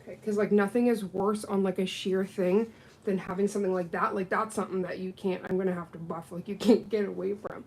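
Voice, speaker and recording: In a rough recording, a woman speaks a little fast in a mid-range voice. She's a nail technician on a livestream, chatting casually as she works and animating the voices she quotes.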